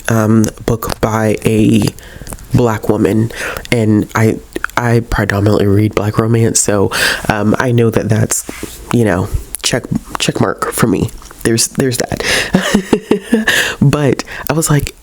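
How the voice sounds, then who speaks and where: A woman book vlogger in a casual chatty vlog, tired and low on energy, rambling and correcting herself, slangy and talking straight to her viewers. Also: a little mellow. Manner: rambling, self-correcting, laughs often.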